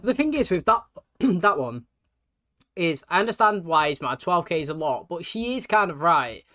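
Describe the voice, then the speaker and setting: A man's voice: on the high side, very animated, normal speed, pushed and bright, soft background music. A man giving casual reaction commentary, chatty and rambling, often asking if you know what he means. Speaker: reaction video host.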